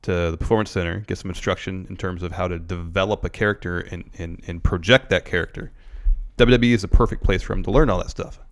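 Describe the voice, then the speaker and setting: Male podcast co-host, very low voice, measured and reasonable. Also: fairly even intonation. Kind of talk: casual chat.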